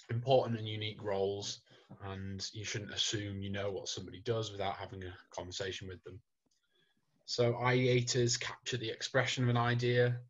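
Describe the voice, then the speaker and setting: A man presenting on a webinar as a data scientist, explaining things in a measured way, heard over a dull, lo-fi video call line. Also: on the low side.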